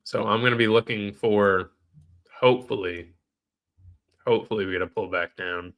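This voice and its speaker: A man's voice: on the low side, moderate pace, fairly bright tone. A man with a nasal, stuffed-up voice, live-streaming trading commentary in a casual way, thinking aloud and answering chat questions.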